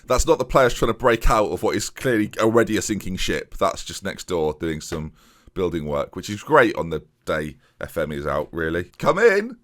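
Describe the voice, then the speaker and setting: Recorded at home, a gaming YouTuber chats casually and pokes fun at himself while playing, walking viewers through his moves. His voice is lowish and a bit bright.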